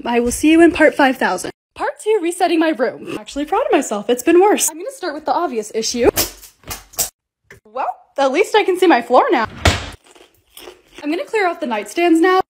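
Bubbly, high, fast-talking young woman. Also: a little hiss or hum. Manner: bubbly, gushing over cute things. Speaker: content creator. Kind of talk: voice-over vlog narration.

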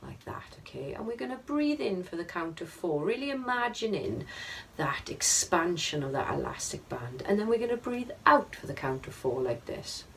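A woman choir leader guiding a vocal warm-up, upbeat and encouraging, counting the group in. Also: on the low side, big pitch swings, moderate pace, a little hiss or hum. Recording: distant mic with music behind.

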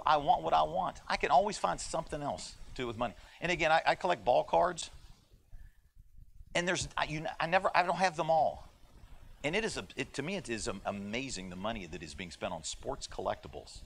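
A man's voice: on the high side, vocal fry, a bit bright. A man teaching a conversational Bible lesson in a church class, folksy and joking as he talks. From United States. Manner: folksy and joking, with playful voices for quoted people. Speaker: Sunday school teacher.

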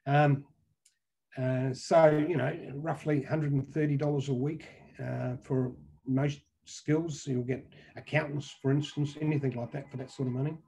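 An older man talks business in a loose, rambling way and keeps repeating words as he goes. His voice is husky and sits slightly higher than most men's. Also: mellow. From Australia. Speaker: business owner speaking in a webinar. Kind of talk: casual business talk.

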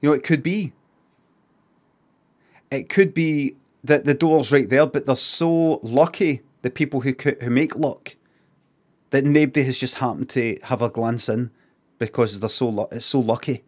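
A man with a Scottish accent, streaming casually and reacting out loud in a rambling, repetitive, sweary way. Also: medium pitch, fairly even intonation, normal speed.

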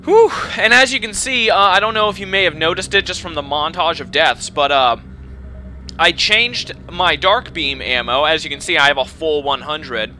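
A young man commentating his own video game run, swinging between frustrated shouting and swearing and calm explanations of tactics. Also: on the high side, moderate pace, a little hiss or hum. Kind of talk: let's play commentary.

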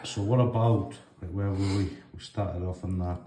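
A man's voice: deep voice, steady tone, dark tone. A man hosting a casual interview, prompting his guest and repeating himself as he teases the next part. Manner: prompting, teasing, slow and repetitive. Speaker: interviewer host. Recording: echoey room with faint noise.

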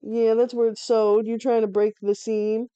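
A woman's voice: a little high, level tone, moderate pace, warm tone, clean tone, dry recording. A woman giving casual live play-by-play commentary from home, laid-back and swearing freely between plays.

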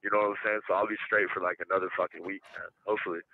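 A man's voice: deep voice, very fast, vocal fry. A man on a phone call from jail, pleading and joking in casual slang. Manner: pleading, laughing, slangy, animated. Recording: tinny prison phone line.

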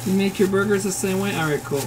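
Talking quickly in a mid-range, slightly mellow voice, an Upper Midwest woman with a Northern Plains accent cooks in her home kitchen on stream. Amid slight background noise and faint sizzling from the pan, she speaks bluntly, curses freely and replies to her chat.

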